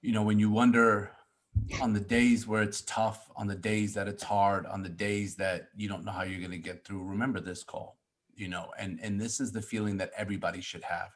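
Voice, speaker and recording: Casting: somewhat low-voiced man, upbeat host giving encouragement on a team call. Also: little pitch movement, a little fast. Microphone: online group call.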